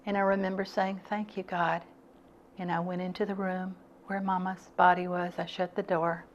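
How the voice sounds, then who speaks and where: A woman's voice: lowish voice, level tone, moderate pace, highs cut off, a little hiss or hum. An older woman giving an earnest talk, telling her own stories and acting out what people said. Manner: earnest, acts out quoted dialogue. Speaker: speaker at a club talk. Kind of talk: personal storytelling talk.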